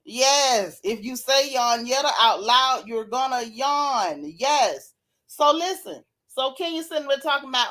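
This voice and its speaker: Live-stream host, woman, sassy and animated, slightly high voice. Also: measured pace. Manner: sassy, animated, Southern Black vernacular gossip; yawns and laughs often. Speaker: reality TV recap host reading live chat. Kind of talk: casual live-stream chat.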